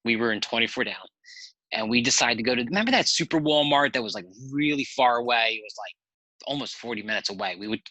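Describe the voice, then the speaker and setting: Man, podcast guest, rambling casual storyteller, sharp bright tone, dry close sound. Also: medium pitch, expressive, fast talker, no echo, rough recording. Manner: rambling, laid-back, swears casually.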